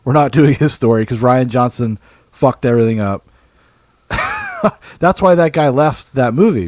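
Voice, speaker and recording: A man co-hosting a podcast, chatting casually about films in an animated way, swearing freely and laughing often. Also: mid-range voice, dry recording. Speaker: podcast co-host. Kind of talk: casual film discussion.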